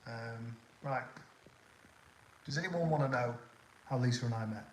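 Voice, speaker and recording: A man's voice: mid-range voice, measured pace, slight background noise. A middle-aged man hosting a casual live stream, rambling chattily and answering viewer comments as he goes. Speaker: livestream host. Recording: roomy echo, faint background ambience.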